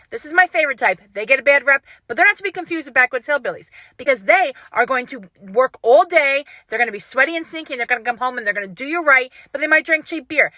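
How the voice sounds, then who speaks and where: A woman's voice: sits high, sharp tone, dry recording. A young woman giving a sassy, emphatic comic explainer for social media. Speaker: TikTok creator.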